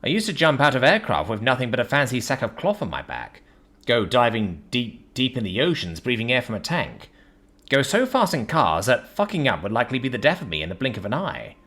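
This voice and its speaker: A man's voice: mid-range voice, wildly swooping pitch, a little fast, a bit bright, pitched above the performer's own voice. A man doing a cocky, breezy human adventurer. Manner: breezy, swaggering, teasing.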